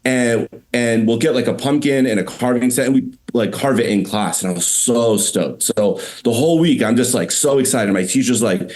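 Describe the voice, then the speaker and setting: A man's voice: mid-range voice, normal speed, few pauses, a little mellow. A young man, a podcast guest, telling childhood stories in casual chat, full of "like" and restarts. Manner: rambling storyteller, lots of "like". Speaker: podcast guest, company founder.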